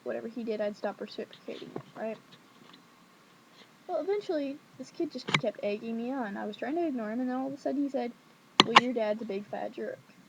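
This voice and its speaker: A young woman vlogging from home at night, telling a childhood story in a rambling, sassy, animated way. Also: a little high, background noise. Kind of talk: casual storytelling to camera. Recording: dull lo-fi webcam audio.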